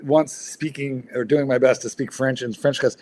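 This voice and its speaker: A man's voice: medium pitch, fairly even intonation, moderate pace, darkish tone. A man hosting a livestream in casual chat, rambling and blunt, swearing freely with lots of fillers. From United States. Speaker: livestream host.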